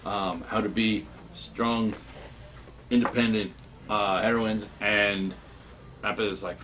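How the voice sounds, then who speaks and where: A male comic book reviewer talks casually and excitedly, tripping over his words and starting sentences again. His voice sits somewhat low. Faint background noise sits under the talk. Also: slow pace, pauses often. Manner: excitable and rambling, with many restarts.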